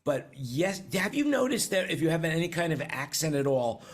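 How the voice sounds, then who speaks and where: A man's voice: a little high, sing-song, moderate pace. An older man from New York hosting a casual panel chat on current events over a video call, rambling and chatty with many restarts. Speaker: host.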